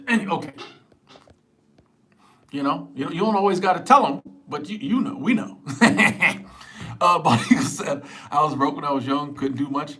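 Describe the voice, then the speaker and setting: A man's voice: on the high side, expressive, normal speed, long pauses, pushed and bright, a little hiss or hum. A middle-aged man hosting a casual livestream. He reads viewer comments aloud, laughs often, and stumbles over repeated words while talking on a small clip-on mic at home. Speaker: livestream host. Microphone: small clip-on wireless mic.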